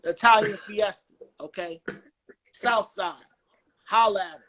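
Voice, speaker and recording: High-voiced man from Chicago, animated. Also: a little slow. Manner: animated, joking, swearing freely. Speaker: guest musician. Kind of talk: casual video chat. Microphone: video call.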